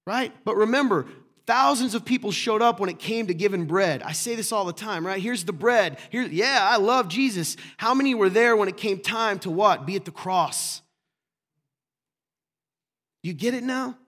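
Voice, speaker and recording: A man preaching a sermon in a notably high voice. He talks to his congregation like a friend, asking rhetorical questions and dropping little jokes between points. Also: expressive, normal speed, fairly bright tone. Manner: conversational, rhetorical questions, joking asides to the congregation. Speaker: pastor. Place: church room with congregation.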